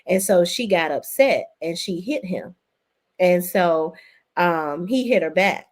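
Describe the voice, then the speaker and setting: A woman's voice: fairly low pitch, lively intonation, takes it slowly. A woman, hosting a casual live stream where she reads viewer comments aloud and reacts with chatty gossip. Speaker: YouTube host reading live chat.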